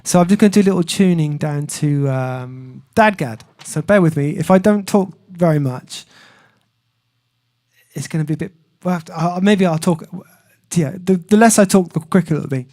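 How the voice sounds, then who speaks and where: A singer-songwriter chats casually on his music livestream, rambling and self-deprecating with plenty of fillers. His voice is a little high and slightly mellow, at a moderate pace.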